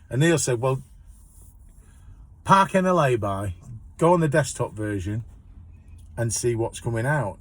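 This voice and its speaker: Man, slightly low voice, van courier, rambling chatty monologue. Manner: rambling, chatty, with repeated restarts. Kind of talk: casual storytelling monologue.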